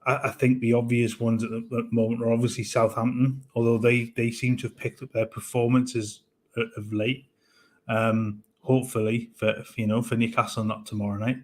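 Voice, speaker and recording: Flat-voiced man weighing up football. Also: mid-range voice. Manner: measured, hesitant with many restarts. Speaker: co-host of a football fan show. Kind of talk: casual football analysis.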